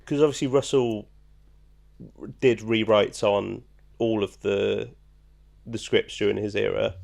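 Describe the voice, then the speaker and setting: A man's voice: lowish voice, steady tone, a little slow, gravelly, darkish tone. A man co-hosting a podcast, reading out trivia in a casual, joking way with plenty of ums. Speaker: podcast co-host. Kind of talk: casual chat.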